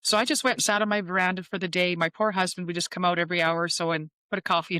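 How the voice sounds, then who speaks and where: A woman in her fifties, a psychic medium, speaks in a fairly low voice with no echo. As an interview guest she tells a personal story, animatedly acting out the quoted dialogue.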